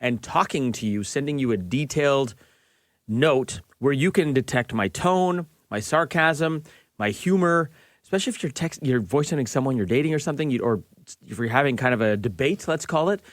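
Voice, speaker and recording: A man co-hosting a podcast in a relaxed, jokey way, ribbing his partner as they chat. The room is dry and close-miked, with nothing behind his voice. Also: mid-range voice, moderate pace, dry recording. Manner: teasing, jokey. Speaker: podcast co-host. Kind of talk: casual chat.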